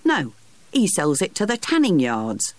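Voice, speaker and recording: A streetwise urchin lad, put on by a narrator, brisk and boastful. The voice is lifted higher and lively, recorded dry and close. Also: dry recording. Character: shabby street urchin boy, cocky and proud.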